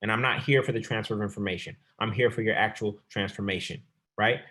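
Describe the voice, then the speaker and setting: Man, low-pitched, fast-talking, real estate coach, sales webinar pitch, says y'all. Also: fairly even intonation, pushed and bright.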